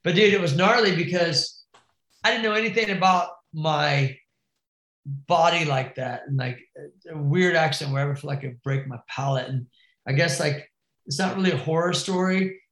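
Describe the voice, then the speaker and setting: A man's voice: on the high side, normal speed, fairly bright tone, reverberant, rough recording. A man telling a wild crash story in casual, profane slang, calling the listener bro and dude. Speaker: podcast guest, BMX rider.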